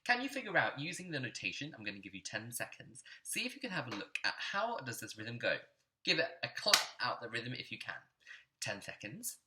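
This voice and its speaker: Bright, lively male music teacher. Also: medium pitch, fairly quick. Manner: encouraging, clear teacherly explaining; claps and chants rhythms aloud. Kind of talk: recorded online music lesson.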